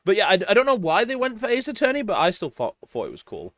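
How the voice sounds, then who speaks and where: Rambling streamer, fairly high voice. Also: male voice, wildly swooping pitch, fast talker, few pauses, a bit bright, soft background music. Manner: rambling, swearing, self-deprecating. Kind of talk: casual commentary while playing.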